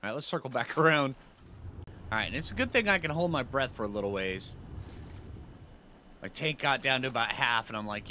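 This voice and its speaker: A man giving casual commentary over his own gameplay, excitable and joking at himself, chatting to the creatures he meets. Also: mid-range voice, fairly quick, long pauses, slight background noise. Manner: excitable, talks to the creatures, self-mocking asides. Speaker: gaming video host.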